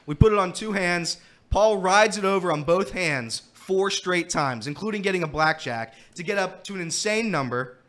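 A man's voice: high voice, moderate pace. A man guest-hosting a casual sports talk show, telling stories with lots of laughter and complaining of a throat thing. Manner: animated storyteller, laughing often. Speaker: guest host. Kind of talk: casual sports radio chat.

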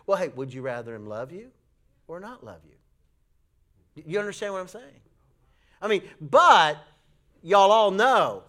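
A man preaching a sermon, telling a folksy story with animated voices for the people in it. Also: moderate pace, pauses often. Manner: folksy, animated storytelling with acted high-pitched quotes. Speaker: pastor.

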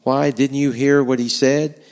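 A man voicing an excitable, hot-tempered townsman who has taken a prisoner, speaking in a worked-up, indignant way. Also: mid-range voice, unhurried, clean tone, voice pushed up, close to an everyday voice. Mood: furious. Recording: long hall echo.

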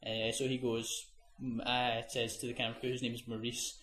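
A man at an ordinary pitch, hosting a loose comedy podcast and retelling a film scene by scene. He rambles, restarts, and drops his voice low for the quoted lines. The room around him is echoey. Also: flat delivery, brisk, crowd noise. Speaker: podcast host.

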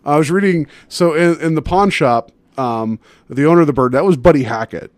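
A man's voice: a little high, fairly quick, no room sound. A man co-hosting a podcast, talking in a casual joking way with lots of fillers. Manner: joking, rambling with many fillers. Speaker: podcast co-host. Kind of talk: casual chat.

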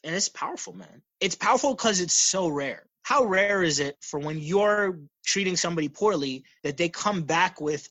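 A man's voice: fairly high pitch, expressive, brisk, few pauses, bright, forceful tone, dry recording. A young man telling stories in a casual, earnest talk, acting out the quoted exchanges. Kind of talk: casual conversational storytelling.

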